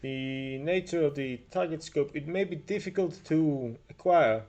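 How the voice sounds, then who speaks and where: A shrewd, businesslike female doctor in a tabletop game, speaking with a put-on Russian accent, as a man puts her on. She talks formally with many small hesitations, in a pitch that sits a little high and a dark, mellow tone. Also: a little slow, muffled recording.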